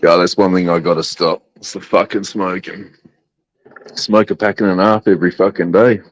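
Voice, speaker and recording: A man's voice: deep voice, fairly even intonation, normal speed, a little hiss or hum. A man joining a livestream chat, blunt and crude as he jokes around. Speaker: livestream guest. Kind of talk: casual group chat.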